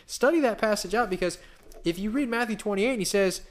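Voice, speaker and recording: A man preaching a sermon in a casual, rambling way, with asides and restarts, reading scripture aloud slowly and with emphasis. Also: high voice, lively intonation. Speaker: pastor.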